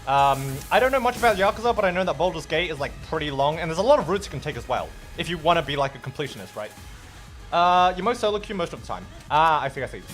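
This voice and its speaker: Young male streamer, high and very animated voice, playful casual chat over faint game music. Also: fast. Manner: chatty and playful, reacts to chat. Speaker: streamer and host. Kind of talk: casual live-stream chat while gaming.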